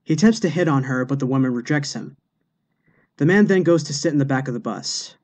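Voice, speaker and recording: A man reading jokes aloud in a steady, deadpan narration. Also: mid-range voice, fairly quick. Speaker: joke narrator.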